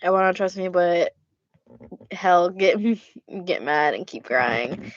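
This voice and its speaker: A woman's voice: lowish voice, animated, slow pace, no room sound. A young woman vlogger answering fan questions in a casual way, blunt, laughing often and swearing freely. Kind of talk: casual Q&A vlog.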